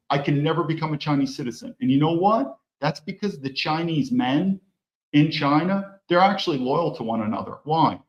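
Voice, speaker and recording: A male commentary host talks alone in a slightly high voice, pressing his points hard and firing off rhetorical questions he answers himself. The recording is dull and lo-fi, with a roomy echo around him. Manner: emphatic, poses rhetorical questions and answers them. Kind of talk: solo opinion monologue.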